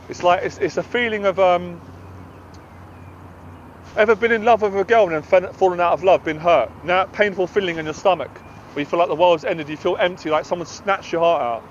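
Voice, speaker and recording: A man's voice: high voice, muffled recording, slight background noise. A British man, a confidence coach, giving a passionate, emphatic motivational talk to camera outdoors.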